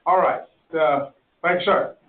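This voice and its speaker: A man's voice: on the high side, slow, noisy background. A man chairing a county zoning hearing, speaking plainly and procedurally. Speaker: board chairman. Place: county meeting room. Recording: echoey, tinny, far from mic.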